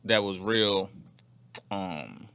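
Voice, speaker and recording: A man co-hosting a casual podcast chat, animated, acting out quotes in different voices. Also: sits low, very slow, gravelly, smooth. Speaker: podcast co-host.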